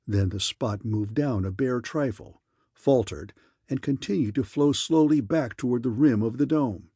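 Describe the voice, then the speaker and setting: Husky, mellow male audiobook narrator. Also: medium pitch, normal speed, no room sound, clean studio sound. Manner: steady storytelling. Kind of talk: scripted narration.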